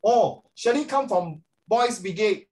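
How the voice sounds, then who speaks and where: Animated Singaporean man teaching a class. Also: high voice, slow. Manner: animated, code-switching, questions students by name. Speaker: tutor. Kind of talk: online class lesson.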